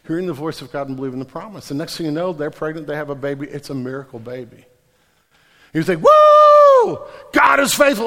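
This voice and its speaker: A man's voice: a little high, a bit bright. Slangy, joking male preacher. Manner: casual, jokey storytelling with slang. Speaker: pastor. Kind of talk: sermon. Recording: long hall reverb.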